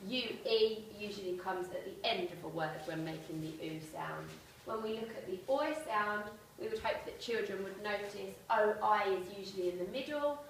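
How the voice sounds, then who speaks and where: Teacher in an echoey room. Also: female voice, medium pitch, distant mic, slight background noise. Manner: clear, explanatory, spells out letters slowly. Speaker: primary school teacher. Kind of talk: presentation to parents.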